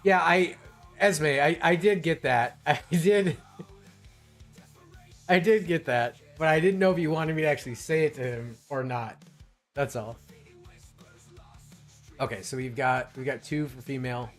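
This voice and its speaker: A man's voice: a little high, measured pace, pauses often, faint music behind. A man hosting a live stream in casual talk, rambling and restarting his sentences often. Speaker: streamer host.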